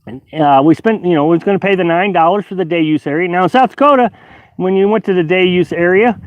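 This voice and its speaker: A man's voice: sits high, dry recording, lo-fi sound. A man hosting a casual outdoor live stream, reading chat aloud and rambling with many fillers and restarts. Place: outdoors at a high-altitude campsite.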